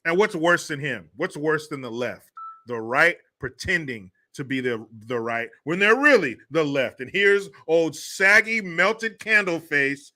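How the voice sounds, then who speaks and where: Bright, animated ranting man. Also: fairly high pitch, a little slow. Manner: profane, mocking rant. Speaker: host. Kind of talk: livestream political commentary.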